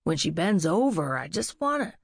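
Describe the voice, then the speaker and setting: A woman voicing a playful young man who teases his friend in quick, jokey lines. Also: fairly low pitch, sing-song, vocal fry, husky, no room sound, studio quality, exaggerated voice. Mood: teasing. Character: playful young man, teasing, reformed party guy.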